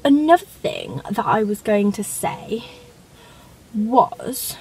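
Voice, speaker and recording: A woman's voice: fairly high pitch, big pitch swings, extremely slow, pauses often, a little mellow, a little hiss or hum, low-quality recording. A teenage woman, chatting and rambling casually through a car tour vlog from inside her parked car. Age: teens. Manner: rambling, chatty, self-conscious asides. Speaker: vlogger.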